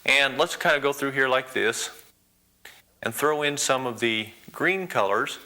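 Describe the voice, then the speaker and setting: A man's voice: mid-range voice, measured pace, pushed and bright. A man teaching an oil painting lesson, folksy and encouraging, talking students through each brushstroke. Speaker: painting instructor.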